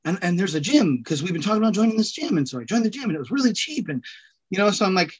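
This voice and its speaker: A man with a Californian accent, talking casually as a podcast guest in an animated, rambling way with loud bursts. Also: sits high, rapid-fire, breathy edge. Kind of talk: casual conversation.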